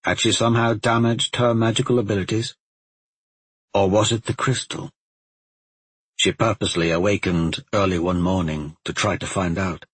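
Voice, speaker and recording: Low husky guy reading a fantasy audiobook, slow hushed delivery, dry close mic. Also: fairly even intonation, no room sound, poor audio. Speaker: narrator. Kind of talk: audiobook narration.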